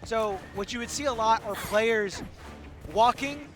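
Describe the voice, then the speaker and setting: A male esports commentator with a high voice, worn and hoarse from long hours on the mic. He explains game mechanics in an eager, self-correcting way. Music plays clearly behind him at the venue. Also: a little slow, a bit bright. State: hoarse, losing his voice. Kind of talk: live tournament commentary. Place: tournament venue.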